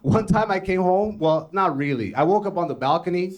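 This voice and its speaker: Brisk, with a voice that sits high and lively intonation, a young Ethiopian comic born in Greece and raised in Canada works a comedy club stage. His set is profane, conversational storytelling where he acts out others' lines, captured live with the audience laughing.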